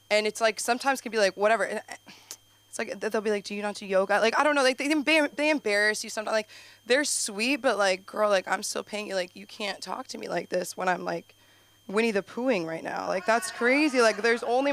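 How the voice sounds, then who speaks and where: A young woman performs an open mic stand-up set on a comedy club stage, chatty and rambling with plenty of fillers, now and then leaping into high, excited bursts. The sound is dry, with no echo.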